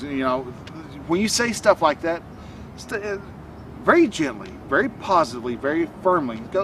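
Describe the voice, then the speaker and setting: A man's voice: fairly high pitch, big pitch swings, moderate pace, a bit bright, recorded from a distance, a little hiss or hum. A man speaking casually to camera as a self-help coach, rambling and restarting often with many fillers. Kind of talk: casual motivational talk to camera.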